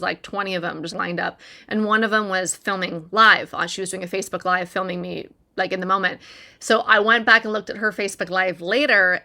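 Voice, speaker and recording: A woman's voice: mid-range voice, sharp tone. A woman telling a heartfelt personal story to her audience in an earnest, conversational way, with lots of "like" and "right?". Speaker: recovery content creator.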